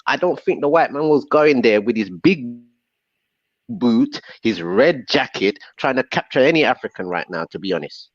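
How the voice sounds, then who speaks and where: A man's voice: medium pitch, expressive, moderate pace, dry recording. Man, podcast argument, interrupting, insistent, dry muffled recording. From Jamaica. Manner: interrupting, repeats "hold on". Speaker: podcast co-host. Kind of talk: heated casual debate.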